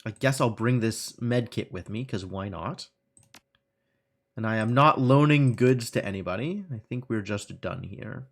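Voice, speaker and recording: A man streaming a game, reading its text aloud and thinking out loud in a wry, self-mocking way. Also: lowish voice, measured pace.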